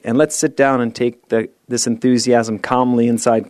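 A man tells stories with a playful, self-deprecating touch as he gives his sermon. He guides the listeners through an exercise and a quiet moment of meditation. His voice sits at an ordinary middle pitch. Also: little pitch movement, normal speed, hardly any pauses. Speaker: speaker at a spiritual service.

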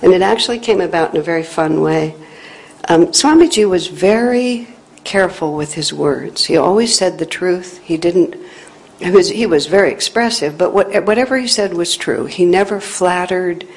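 A woman teacher telling a personal spiritual story in an earnest, reflective way, growing animated when she quotes others. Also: lowish voice, normal speed, poor audio. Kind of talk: storytelling talk.

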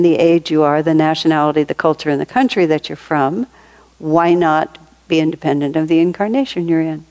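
A woman's voice: fairly low pitch, darkish tone, rough recording. An older woman giving an informal spiritual talk, telling stories in a conversational way and laughing often. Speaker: spiritual teacher.

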